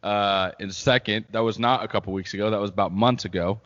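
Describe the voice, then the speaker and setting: A man's voice: lowish voice, steady tone, a little fast, a bit bright. Laughing man in a reverberant, dull recording. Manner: laughing, self-deprecating, swears casually. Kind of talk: casual chat. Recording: dull audio with long reverb.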